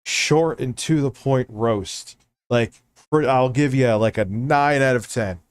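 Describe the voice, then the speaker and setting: A man's voice: medium pitch, takes it slowly, smooth, no room sound. Man with a New York accent as a joking, profane stream host, dry close sound. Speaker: streamer host reacting to videos. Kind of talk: casual live-stream commentary.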